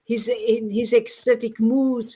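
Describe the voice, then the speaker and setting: Bright-voiced woman, enthusiastic. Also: on the high side, level tone, slow, noisy background. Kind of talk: casual devotional chat.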